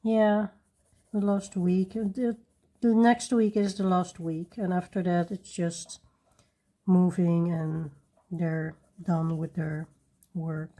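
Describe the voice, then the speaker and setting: A woman hosting a coloring video, chatting casually and rambling softly while she works at her desk. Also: fairly low pitch, little pitch movement, slow. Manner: soft-spoken, rambling, with little laughs. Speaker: coloring channel host.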